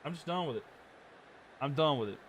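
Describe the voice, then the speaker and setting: Against background noise, a man with a slightly high voice talks briskly while live-streaming a football game. Between snaps he grumbles in frustration, then switches back to excited commentator-style play calls.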